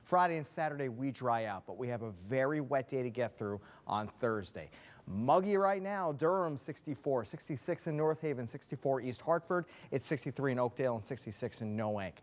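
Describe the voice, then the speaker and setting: A man's voice: mid-range voice, lively intonation. Man giving a TV weather forecast. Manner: brisk, conversational, walking through maps. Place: TV news studio.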